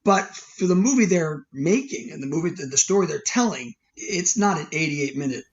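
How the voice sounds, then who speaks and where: A man's voice: fairly high pitch, expressive, moderate pace, lo-fi sound. A man appearing as a guest screenwriter on a podcast, speaking hesitantly with many "you know" and "um" fillers. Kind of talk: casual film discussion.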